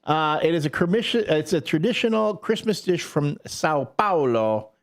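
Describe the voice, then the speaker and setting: Rambling male radio co-host, lively pitch. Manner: rambling, halting, jokey. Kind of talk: casual morning radio banter.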